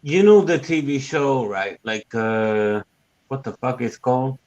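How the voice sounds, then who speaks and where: A man who learned as a chats on a call. He is friendly but hesitant, stopping often and swearing casually. His voice sits at an ordinary pitch. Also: measured pace, darkish tone, highs cut off.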